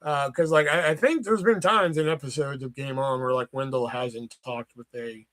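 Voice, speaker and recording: A man's voice: mid-range voice, normal speed, a bit bright. A man casually rambling through work stories on his livestream, swearing often and restarting sentences. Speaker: livestream host. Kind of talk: casual storytelling chat.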